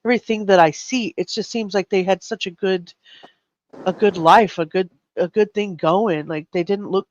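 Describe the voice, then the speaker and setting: A man's voice: high voice, steady tone, moderate pace, highs cut off. A man hosting a live true crime chat, earnest and emotionally shaken, often stumbling over his words. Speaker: host.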